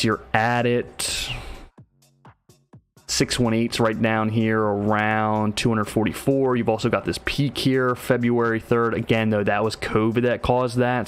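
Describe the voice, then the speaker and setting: A man talking through charts on a live market stream. His voice sits at an ordinary middle pitch, and his delivery is loose and slangy. He keeps checking in with "right?" and "man". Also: smooth. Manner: casual and slangy, often asks "right?". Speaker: market analysis livestreamer.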